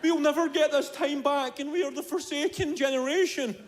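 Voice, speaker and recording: A man's voice: very high voice, steady tone, brisk, long reverb tail, voice pushed up. A man putting on a whiny, stressed-out student. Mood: self-pitying. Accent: Scottish. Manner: melodramatic, self-pitying.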